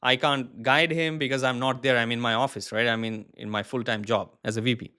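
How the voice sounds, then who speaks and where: Animated storytelling man, interview guest. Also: medium pitch, a little fast, smooth. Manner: animated, acts out other people's words while telling stories. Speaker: agency founder, guest.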